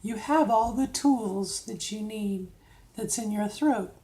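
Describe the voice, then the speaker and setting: A middle-aged woman offers voice training tips in a relaxed instructional vlog, guiding viewers through drills and frequently asking "okay?" She speaks slowly in a warm, mid-range voice.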